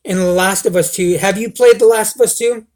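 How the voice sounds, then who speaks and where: A man's voice: high voice, fairly even intonation, fairly quick, darkish tone. A young man hosting a casual livestream, rambling and swearing, calling everyone dude. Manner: rambling, profane, says dude a lot. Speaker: livestream host.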